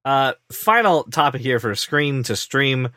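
A man's voice: mid-range voice, lively intonation, pushed and bright, dry recording, clean studio sound. Wry joking male podcast host. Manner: wry, joking, quick asides. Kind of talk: casual chat.

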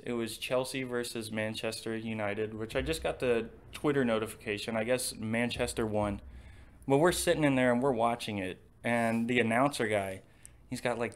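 A young man casually co-hosting a chat, telling a rambling story and swearing often. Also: mid-range voice. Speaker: podcast co-host.

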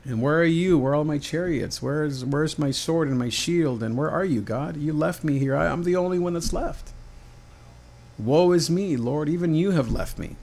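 A man's voice: a little high, moderate pace, creaky, a little mellow, pitched above the performer's own voice. A man voicing a despairing prophet who cries out to God in pleading anguish. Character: despairing male prophet crying out.

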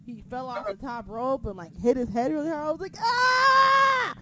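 A young woman with a slightly high voice, talking excitably and swearing freely in a casual chat. She laughs often, and a faint hiss of noise sits under her voice. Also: quick pace. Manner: excitable, profane, laughs a lot. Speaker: co-host of a wrestling chat.

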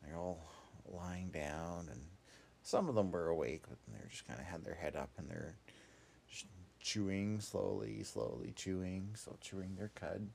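A man's voice: low voice, lively intonation, a little slow, gravelly, darkish tone, a little hiss or hum. A man telling an improvised children's story in a meandering, casual way, with many asides and fillers.

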